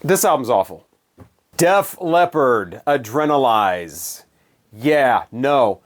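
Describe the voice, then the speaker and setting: A man's voice: medium pitch, sing-song, slow. Sarcastic man reviewing albums. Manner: sarcastic, dismissive, digressive. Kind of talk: casual spoken review monologue.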